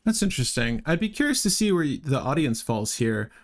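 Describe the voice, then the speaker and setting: Man, gravelly voice, casual live-stream chat, halting restarts, co-host. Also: a little high, big pitch swings. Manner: halting, restarts often, chatty with audience. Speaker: co-host ranking game cards on a livestream.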